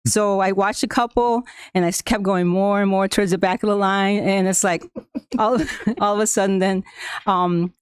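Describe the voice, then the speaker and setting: A woman whose first language is Spanish tells a school board about a trip. She talks haltingly, with fillers and restarts, and laughs often. Her voice is smooth and clear, and the recording is dry and close. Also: medium pitch, steady tone, no room sound. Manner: laughs often while telling a story. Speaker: school staff member addressing the board. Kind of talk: personal account at a public meeting.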